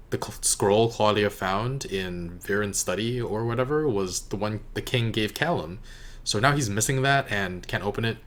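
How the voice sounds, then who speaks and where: A man giving casual reaction commentary on an episode, musing aloud in a halting way with frequent fillers and soft laughs. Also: lowish voice. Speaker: show reactor and reviewer.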